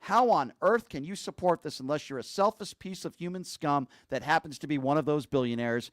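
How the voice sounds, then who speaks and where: A man's voice: fairly high pitch, a little fast, no room sound, studio quality. A man giving an angry political commentary, hammering his points with repeated rhetorical questions. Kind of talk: angry political rant to camera. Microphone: streaming mic.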